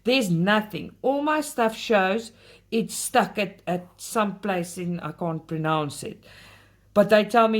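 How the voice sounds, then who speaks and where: Speaking in an unhurried, mid-range voice with lively intonation, a South African cross-stitch channel host addresses her viewers directly in a casual craft vlog. Complaints make her turn heated.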